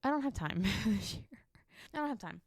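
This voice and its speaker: Low-energy woman podcast co-host. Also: animated, a little fast, no echo, clean studio sound. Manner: low-energy, joking asides. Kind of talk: casual chat.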